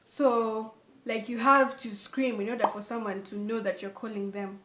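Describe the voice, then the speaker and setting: A young woman, telling a storytime vlog in an animated way and often calling her viewers "guys". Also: fairly high pitch, normal speed. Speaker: vlogger. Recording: echoey room.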